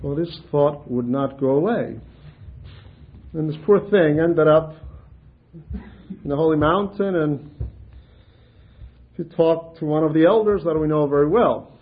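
A man preaching a sermon, telling humorous stories in an animated way and laughing at his own anecdotes. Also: on the high side, unhurried, long pauses, phone-quality sound.

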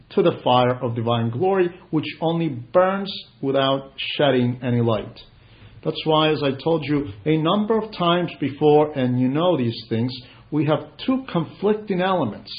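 A man preaching a sermon in an earnest, measured way, rising for emphasis. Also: fairly high pitch. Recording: dull lo-fi recording.

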